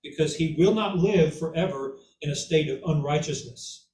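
A man leads an informal Bible teaching in a slightly high, darkish voice at a moderate pace, repeatedly asking "okay?" and "right?" and echoing words for emphasis. The recording is echoey, with a distant mic and faint ambience.

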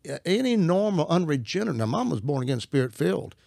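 A man's voice: on the high side, very animated, fast, vocal fry, a little mellow, no echo, studio quality. A middle-aged man, a Christian minister, talking as an interview guest. He tells his stories in an earnest, folksy way and often restarts his sentences. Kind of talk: conversational storytelling.

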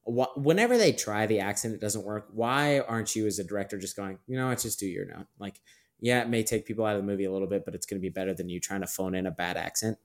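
A man's voice: fairly low pitch, fast. A man co-hosting a podcast, musing and hedging in casual chat about movies. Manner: musing, hedging, with frequent fillers. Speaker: podcast co-host.

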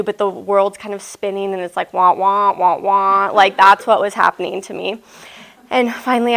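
A young woman from Nebraska, a missionary telling a personal story at a school assembly in a lively, chatty way full of "like.". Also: mid-range voice, gravelly. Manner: lively, chatty, many "like" fillers. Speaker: missionary speaker. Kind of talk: storytelling talk.

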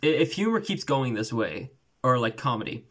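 A man's voice: mid-range voice, big pitch swings, moderate pace, a bit bright. Give me a rambling young man hosting a podcast over a call. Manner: rambling, restarts often, laughs at own stories. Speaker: podcast host. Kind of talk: casual video-call chat. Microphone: remote call.

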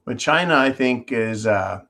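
A man's voice: mid-range voice, expressive, unhurried, vocal fry, sharp tone. Sarcastic rambling male commentary host. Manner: sarcastic, rambling, swears freely. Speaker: host of a call-in style commentary show. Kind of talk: casual ranting commentary. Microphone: holds objects up to a camera while talking.

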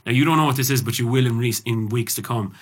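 A man's voice: medium pitch, quick pace. An Irish man hosting a podcast, chatting casually and telling stories with plenty of swearing. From Ireland. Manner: sweary, animated storyteller. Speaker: podcast host.

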